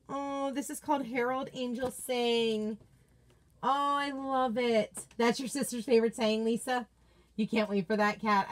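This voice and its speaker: A woman hosts a casual livestream and chats with viewers. She gushes with enthusiasm in a fairly high voice. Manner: gushing, enthusiastic. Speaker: craft seller host. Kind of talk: casual livestream chat reading viewer comments.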